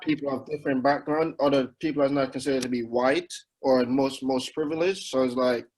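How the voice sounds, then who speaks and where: A man in a casual podcast discussion, speaking softly and hesitantly with many fillers. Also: medium pitch, fairly even intonation, fairly quick, low-quality recording. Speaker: podcast guest.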